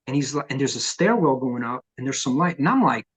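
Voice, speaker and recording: A middle-aged man spins profane, animated stories in an interview, putting on the voices of the people he quotes. His voice is husky and a little rough, with a medium pitch. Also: fast. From New York. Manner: profane, animated storyteller who acts out quotes. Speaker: punk vocalist interviewee. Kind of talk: casual storytelling in an oral history interview.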